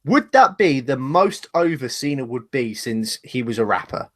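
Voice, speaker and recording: A man's voice: medium pitch, very animated, normal speed, a bit bright. A man co-hosting a casual live discussion show, rambling and speculating, laughing at himself, talking over a webcam. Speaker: podcast co-host.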